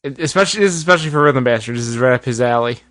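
Bright-voiced teasing male podcast host. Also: mid-range voice, animated, racing, dry recording, clean studio sound. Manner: teasing, exasperated groaning at jokes. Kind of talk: casual comedic chat, reading out questions.

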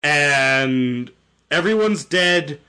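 Young guy recapping a story, bright voice, swears a lot, all over the place. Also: fairly high pitch, expressive, extremely slow, clean tone. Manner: rambling, profane, self-correcting. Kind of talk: casual chat.

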